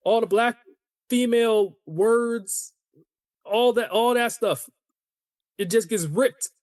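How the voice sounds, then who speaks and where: A man hosting a solo podcast, ranting in an animated, opinionated way and talking to his listeners as "y'all". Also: extremely high pitch, takes it slowly, no room sound, studio quality. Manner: conversational, addresses listeners as y'all. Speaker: podcast host.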